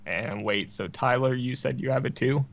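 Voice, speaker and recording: A man's voice: mid-range voice, moderate pace, gravelly, highs cut off. A man co-hosting a gaming podcast in casual chat, chuckling often and swearing casually. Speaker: podcast co-host.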